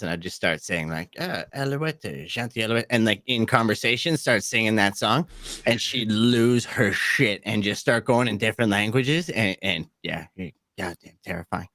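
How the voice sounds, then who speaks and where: Man, low voice, easygoing podcast chat, dry close mic. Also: normal speed, pushed and bright, no room sound. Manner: laid-back, laughs often. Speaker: podcast co-host. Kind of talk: casual chat.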